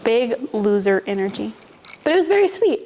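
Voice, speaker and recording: A woman co-hosting a podcast in casual chat, telling stories in an animated, self-mocking way and laughing often. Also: a little high, normal speed, slight background noise. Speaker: podcast co-host.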